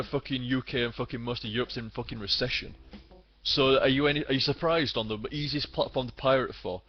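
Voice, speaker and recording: A man's voice: mid-range voice, a little hiss or hum. A British man in his twenties, a gaming streamer, ranting bluntly and swearing a lot in casual commentary. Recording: slightly dull lo-fi sound.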